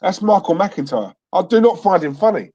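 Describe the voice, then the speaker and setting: A man's voice: high voice, big pitch swings, normal speed, dark tone, lo-fi sound. A man co-hosting a live stream, chatting casually and laughing often. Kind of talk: casual chat.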